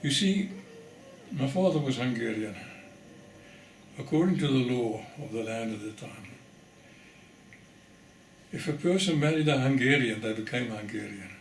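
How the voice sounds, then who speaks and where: An older man from the Netherlands giving an oral history testimony, telling his story in a measured way and pausing for weight. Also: mid-range voice, lively intonation, reverberant, a little hiss or hum. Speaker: interviewee.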